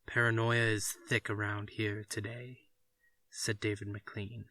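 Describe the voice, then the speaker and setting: A man voicing a frank, calm advisor giving blunt counsel in a story reading. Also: fairly low pitch. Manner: measured, blunt advice. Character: calm, frank family doctor friend.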